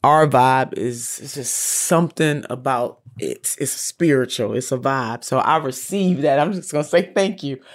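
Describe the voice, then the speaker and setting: A woman hosts a relaxed conversation. Her delivery is emphatic and affirming, and she repeats her thanks with warm conviction. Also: very deep voice, a little slow, hardly any pauses. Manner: affirming, emphatic, warmly grateful. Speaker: host. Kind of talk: casual interview talk.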